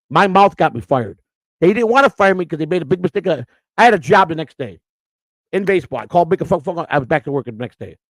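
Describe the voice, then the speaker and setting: Fast-talking, blunt middle-aged man. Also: fairly high pitch, dry recording, poor audio. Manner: blunt and profane; fast, run-on retelling with restarts. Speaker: storyteller recalling his work. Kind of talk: casual storytelling.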